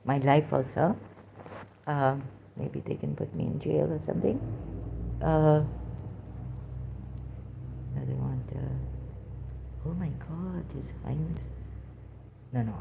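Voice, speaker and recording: A woman talking alone on a livestream, hesitant and halting, often dropping into whispers. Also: low-pitched, fairly even intonation, creaky, noisy background. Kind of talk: rambling solo livestream talk.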